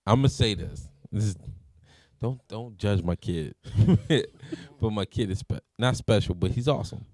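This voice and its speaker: A man in his thirties hosting a casual group podcast, telling stories in a lively way and laughing often. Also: lowish voice, measured pace, no echo. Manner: animated storyteller, laughs often. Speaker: podcast host.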